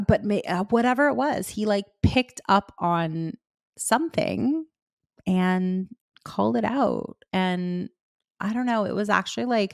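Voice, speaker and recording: A woman's voice: fairly low pitch, no echo, studio quality. A young adult woman hosting a podcast, telling a personal story in a casual, chatty way, with lots of "like" and a candid, open tone. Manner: chatty, heavy use of "like", candid and emotional. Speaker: podcast host.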